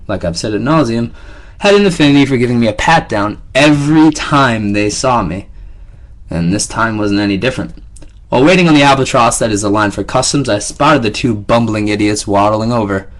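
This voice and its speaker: Sardonic male audiobook narrator. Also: mid-range voice. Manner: sardonic, wry. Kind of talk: first-person audiobook narration.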